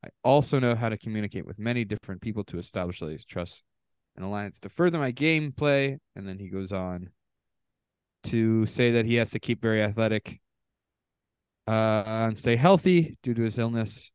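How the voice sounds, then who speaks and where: A man's voice: lowish voice, moderate pace, clean tone, no room sound, studio quality. Canadian man reading bios, casual podcast. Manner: reads contestant bios aloud with offhand asides. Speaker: podcast co-host.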